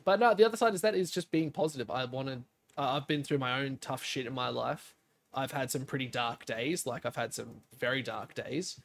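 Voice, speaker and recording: A young man co-hosting a podcast, telling stories in a lively way, acting out quotes and swearing casually. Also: medium pitch, brisk, creaky, a little hiss or hum. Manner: animated storytelling, acts out quotes. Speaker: podcast co-host, streamer.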